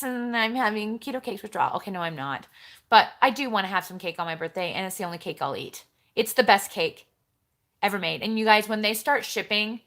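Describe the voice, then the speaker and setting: A woman with a bright, forceful voice chats on a live stream, rambling from one topic to the next. She reads viewer comments aloud and answers them directly. Her voice sits a little higher than most women's. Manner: chatty and rambling, jumps between topics, talks straight to viewers. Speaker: vlogger hosting a live stream.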